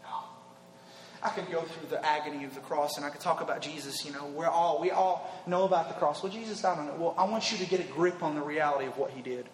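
A man preaching an emphatic youth sermon that repeats its points and builds to shouts. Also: fairly high pitch, fast, roomy sound, in a large hall, a little hiss or hum. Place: large hall with an audience.

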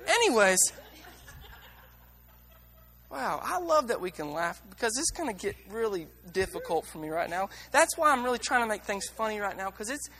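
A man's voice: sits high, very animated, a little fast, few pauses, bright, forceful tone, in a large hall. A man preaching a sermon in a blunt, candid and emotional way, with many restarts and repeated words.

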